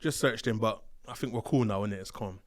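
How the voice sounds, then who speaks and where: A man telling stories from his days as a prison officer, slangy and animated, acting out the voices of the people he describes. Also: fairly low pitch, brisk, no room sound. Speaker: interview guest, former prison officer. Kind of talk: casual storytelling. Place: studio.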